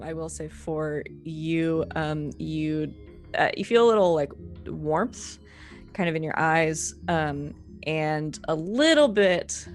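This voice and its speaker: Low-voiced woman running a tabletop game. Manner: casual, halting with many ums and uhs. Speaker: game master.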